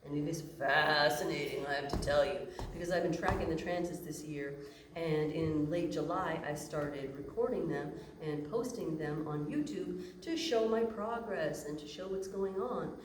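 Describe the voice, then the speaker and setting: A woman's voice: low voice, normal speed, a little hiss or hum. A woman giving a casual, playful talk to an audience as a human design teacher. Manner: casual and playful, acts out imagined inner voices. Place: room with an audience. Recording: echoey room from a distant mic.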